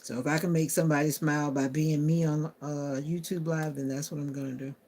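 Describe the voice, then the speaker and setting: A woman's voice: low-pitched, flat delivery, a little fast, a little mellow, slight background noise. A woman chatting casually on a live stream, answering viewer comments aloud and talking to her phone. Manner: talks to her phone assistant.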